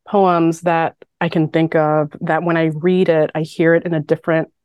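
A woman's voice: deep voice, little pitch movement, normal speed, darkish tone, clean tone, no echo, muffled recording. A woman co-hosting a poetry podcast, chatting casually and thinking aloud with many fillers. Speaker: podcast co-host. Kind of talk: casual chat about poetry.

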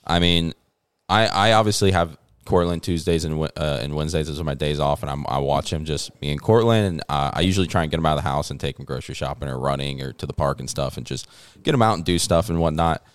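A man's voice: very deep voice, fast, clean tone. A man on a podcast ranting casually, swearing a lot and leaning on fillers like "you know" and "like". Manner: profane, ranting, many fillers. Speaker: podcast host. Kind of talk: casual chat.

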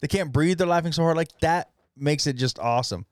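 A man co-hosting a casual podcast, talking in a halting, rambling way full of fillers. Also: a little high, dry recording, studio quality. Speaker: podcast co-host. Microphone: studio mic.

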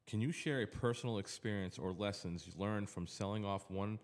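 A man with a fairly low voice hosts a casual podcast interview. He is easygoing, asks his questions plainly, and backs up his guest with short agreeing replies. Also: a little fast. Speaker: podcast host.

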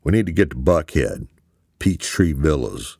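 A man's voice: extremely low pitch, sing-song, measured pace, gravelly, darkish tone, slightly rough, no room sound, studio quality, exaggerated voice. A male narrator voicing a terse male operative who gives orders in a clipped, commanding way.

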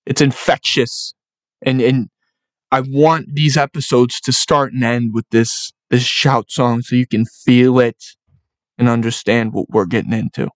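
A man's voice: mid-range voice, no room sound. A young man hosts a solo sports podcast, giving a fired-up, profane pep talk to fans. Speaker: podcast host.

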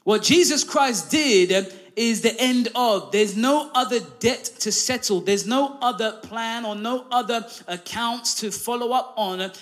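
Man, preacher, high voice, sermon, storytelling, says "come on now". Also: a bit bright. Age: adult, married. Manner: storytelling with humor, frequent "come on now" and "amen".

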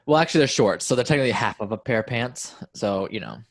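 A man's voice: mid-range voice, animated, fast. A man hosting a podcast on a headset over a video call, easygoing and laughing often in casual chat. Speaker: podcast host.

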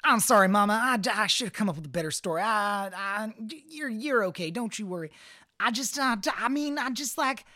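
A woman's voice: medium pitch, lively intonation, a little fast, sharp tone, no echo, clean studio sound. A woman voicing a nervous young man who stammers, trails off and pleads, in a tabletop role-play game. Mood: pleading. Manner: stammering, flustered, rambling.

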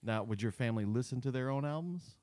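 A man's voice: mid-range voice, lively intonation, fast talker, a little mellow, no room sound, studio quality. A man hosting a podcast, asking questions in a teasing, joking way. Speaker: podcast host. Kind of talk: casual chat.

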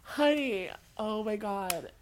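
A woman chatting casually as a podcast guest, telling animated, dramatic stories with sassy asides. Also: medium pitch, slow, a little hiss or hum. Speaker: guest storyteller. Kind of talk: casual chat.

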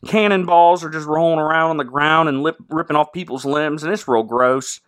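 Sarcastic man with a bright, high voice. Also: brisk, clean tone. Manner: sarcastic, rambling, full of fillers and sound effects. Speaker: podcast host. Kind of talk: casual comedic movie recap.

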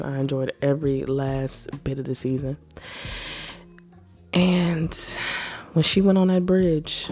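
Young woman ranting about TV. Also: low-pitched. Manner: animated, profane, slangy storytelling. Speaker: vlogger. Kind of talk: casual TV rant.

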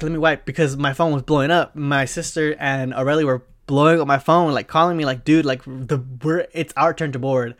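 Profane, rambling young man telling stories. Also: fairly high pitch. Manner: profane, rambling, lots of fillers and slang. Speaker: podcast host. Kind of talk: casual storytelling monologue.

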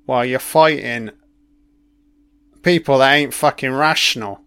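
A man's voice: mid-range voice, a little slow, pushed and bright, clean tone, no room sound. A man giving casual reaction commentary over an old broadcast, blunt and heavy on swearing, thinking aloud as he goes.

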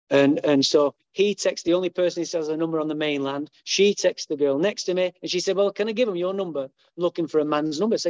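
A man's voice: fairly high pitch, dry recording. A middle-aged man giving a humorous, profane recovery talk as main speaker at a meeting. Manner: profane, humorous, lively storyteller. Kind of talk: storytelling recovery share. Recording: dull lo-fi dry sound.

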